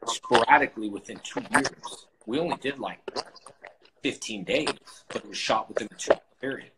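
A man hosting a casual interview, talking in halting, rambling bursts with many restarts. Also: medium pitch. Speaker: host. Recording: loud background noise.

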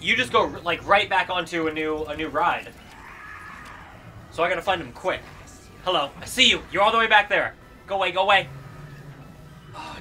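A young man giving excited let's-play commentary, exclaiming and talking to himself while he plays a video game. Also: sits high. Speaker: gaming YouTuber.

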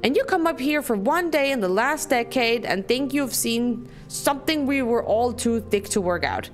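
A woman's voice: a little high, lively intonation, normal speed, faint music behind, close to an everyday voice. A woman reading aloud a grieving, bitter woman who defends her dead sister in a narrative game. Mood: bitter, accusing. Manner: bitter and accusing.

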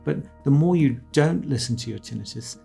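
A man's voice: mid-range voice, normal speed, vocal fry, warm tone, soft background music. A man, an ear surgeon, explaining in a casual, reassuring way, full of asides and quoted inner talk. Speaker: ENT surgeon explaining his experience.

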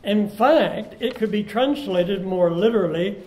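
A man preaching a sermon as pastor, earnest, slowing down to stress key words. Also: high-pitched, a little mellow. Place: church sanctuary. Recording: echoey church room.

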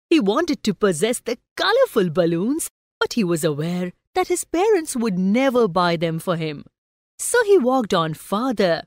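Slow, lilting woman telling a story. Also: medium pitch, no echo. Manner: slow, expressive and lilting, asks the class questions. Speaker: teacher narrating a story. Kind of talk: scripted story narration for students.

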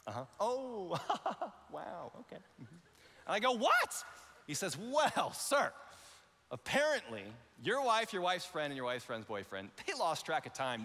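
A man in his thirties preaches with a high, bright voice that swings widely as he acts out each voice in his story. He sounds like a pastor on a big church stage, his words trailing into a long hall reverb. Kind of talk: storytelling sermon. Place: large church auditorium.

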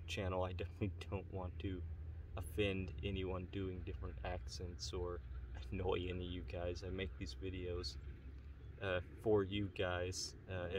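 Low, flat-voiced man vlogging outdoors. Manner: earnest, halting, many pauses. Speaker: pipe-smoking channel host. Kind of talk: casual vlog talk to viewers. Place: outdoors on a rural property. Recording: distant mic, faint outdoor noise.

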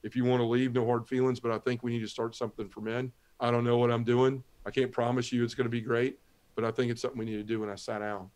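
A middle-aged man telling his conversion story as a podcast guest, earnest and often dropping to a hushed voice. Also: mid-range voice, level tone, quick pace. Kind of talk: testimony storytelling.

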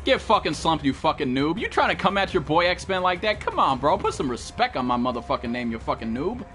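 A man's voice: a little high, very animated, brisk, a bit bright, soft background music. A young man streaming a video game, talking to his chat with brash, profane trash talk. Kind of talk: live gameplay commentary.

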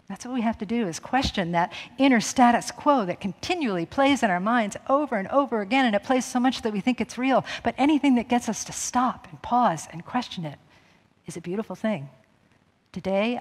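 A woman's voice: mid-range voice, big-room sound. A middle-aged woman minister giving a chatty, self-mocking sermon, laughing often. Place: church sanctuary.

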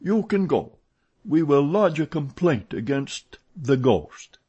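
A man doing an impatient, blustering male opera manager from an audiobook, his voice climbing into sharp, raised exclamations. The tone is lively and moves a lot, and the sound is slightly breathy. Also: on the high side, slow pace, dull audio, voice pushed up, exaggerated voice. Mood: exasperated.

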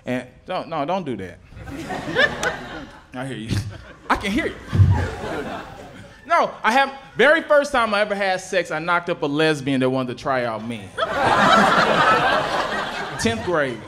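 A man's voice: on the high side, very animated, a little slow, long pauses, heavy background noise. A man, doing a stand-up comedy set with stammering, laid-back storytelling. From southern United States. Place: comedy stage before a live audience.

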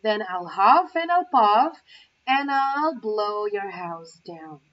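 A woman's voice: medium pitch, expressive, takes it slowly. A woman doing a growling big bad wolf. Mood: menacing. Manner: growling, demanding. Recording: muffled, from far off the mic.

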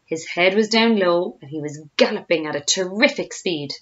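A woman, a teacher, reading a children's storybook aloud with expressive storytelling. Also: lowish voice, normal speed, dull audio.

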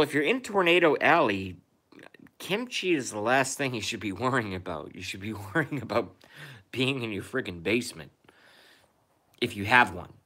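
A man's voice: fairly low pitch, fairly bright tone. A man chatting casually on his live stream, rambling, sarcastic and profane, often repeating himself.

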